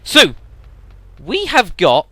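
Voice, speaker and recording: A man's voice: high voice, wildly swooping pitch, extremely slow, a bit bright. A young man giving rambling, casual commentary on a game he is playing, with fillers and sudden exclamations. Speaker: let's play commentator.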